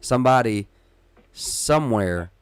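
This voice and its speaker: A man hosting a casual live-stream podcast, who talks in an emphatic, rambling way with many restarts and works himself up into loud, excited rants. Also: mid-range voice, a little slow, clean tone, no echo. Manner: rises into loud, excited ranting. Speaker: podcast host.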